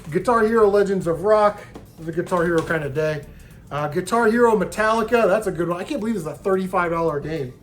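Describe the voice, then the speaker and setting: A man's voice: high-pitched, fast, soft background music. A man casually telling stories from his video game hunting trip, swearing freely and mimicking the people he bargained with. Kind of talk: casual storytelling vlog.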